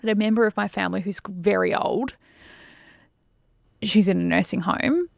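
Aussie woman, wry podcast chat, lots of vocal fry, very dry sound. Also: mid-range voice, moderate pace, no room sound. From Australia. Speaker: podcast co-host. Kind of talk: casual chat.

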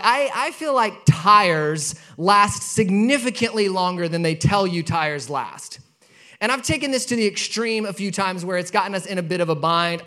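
A man's voice: high-pitched, bright, forceful tone. A man in his thirties preaching a sermon, telling a personal story in a conversational way and building to emphatic points. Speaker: pastor.

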